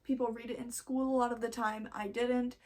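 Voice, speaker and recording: A young woman with a slightly raised pitch talks through her book haul in a loose, rambling way. She sounds a little nervous and often trails off or loses her thought before she picks it back up. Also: level tone, fairly quick, darkish tone. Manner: rambling, chatty, self-interrupting; nervous first-time vlogger. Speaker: book vlogger. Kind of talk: casual book haul chat.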